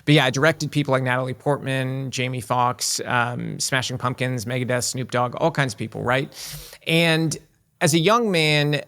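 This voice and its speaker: A man's voice: medium pitch, a bit bright. A man in his forties, a guest in an interview, talking earnestly with frequent "right?" and "you know" asides. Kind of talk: casual interview talk.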